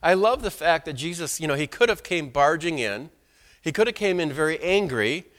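A man preaching a sermon in a church, conversational and animated, with frequent rhetorical asides. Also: fairly high pitch, moderate pace. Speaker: pastor.

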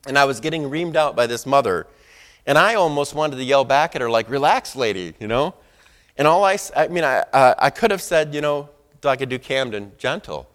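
A middle-aged male pastor preaches in an easy, conversational way, trading personal stories and checking in with his listeners. His voice sits at an ordinary pitch for a man. A long reverb trails behind him, as in a large sanctuary. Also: lively intonation, brisk, fairly bright tone. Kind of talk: sermon.

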